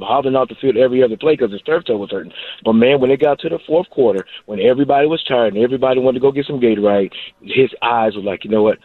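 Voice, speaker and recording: A man's voice: mid-range voice, no echo. A man who is a former wide receiver and coach, calling in to a sports radio show and telling stories with emphatic energy. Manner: animated storytelling, emphatic. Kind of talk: casual sports radio chat. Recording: tinny phone line.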